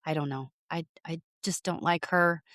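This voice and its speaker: A woman's voice: on the low side, steady tone, fairly bright tone, no echo, clean studio sound. A woman co-hosting a podcast, bluntly giving her opinions on reality TV in casual chat. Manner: blunt, emphatic, quick agreements. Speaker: podcast co-host.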